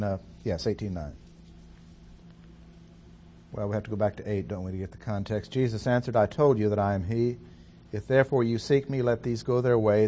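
A man leads a Bible study in a medium-pitched voice, reading scripture slowly and deliberately, pausing between phrases. A faint noise sits under the recording. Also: darkish tone. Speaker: Bible teacher.

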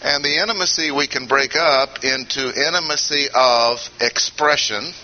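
A man teaching a Bible study in a deliberate, emphatic way with frequent pauses, on a dull lo-fi recording with faint hiss. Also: fairly high pitch. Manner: deliberate, emphatic, pausing often. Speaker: preacher.

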